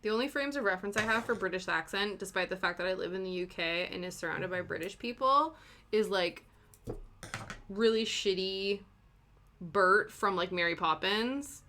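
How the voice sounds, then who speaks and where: Chatty woman with a bright voice. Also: medium pitch, moderate pace, a little hiss or hum. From Canada. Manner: rambling, chatty, counts stitches under her breath. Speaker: cross-stitch streamer. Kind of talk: casual chat while stitching.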